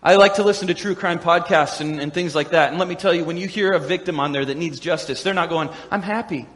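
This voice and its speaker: Animated high-voiced male preacher in hall. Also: quick pace. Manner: animated, acts out voices of crowds and quotes, laughs often. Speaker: pastor. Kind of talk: sermon. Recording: echoey hall with long reverb.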